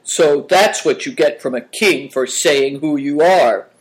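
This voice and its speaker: A man voicing a gruff, scheming bearded man in a storybook reading, growling and cross. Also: fairly high pitch, expressive, normal speed, lightly acted, rough recording.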